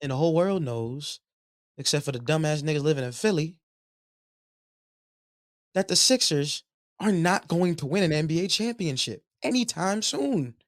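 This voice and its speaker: A man's voice: a little high, lively intonation, moderate pace, long pauses, dry recording, clean studio sound. A man co-hosting a sports podcast, repeating his points emphatically and swearing in casual banter. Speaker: podcast co-host.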